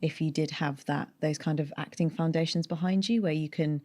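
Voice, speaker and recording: A woman's voice: sits low, steady tone, fairly quick, darkish tone. A woman from North London with a neutral British accent and a light North London tinge, a voiceover artist chatting as an interview guest and explaining at length with restarts. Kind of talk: casual interview chat.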